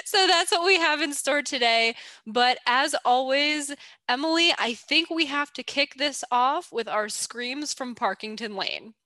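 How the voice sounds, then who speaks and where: A woman co-hosting a casual podcast, upbeat and quick to laugh. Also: high-pitched, sharp tone, no echo. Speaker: podcast co-host. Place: DC area.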